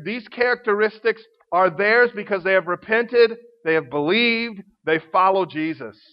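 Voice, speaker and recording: Guy preaching a bible lesson, kinda high voice, chatty but drags out the big words, muffled low-fi sound. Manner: conversational, slows to stress key words. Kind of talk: Bible teaching sermon. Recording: dull lo-fi recording.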